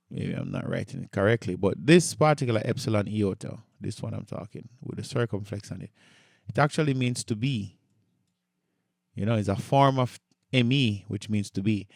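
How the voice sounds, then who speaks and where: A man's voice: medium pitch, creaky, dry recording, studio quality. A man teaching a recorded online lesson, patiently repeating key points and often checking in with the class. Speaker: Greek instructor.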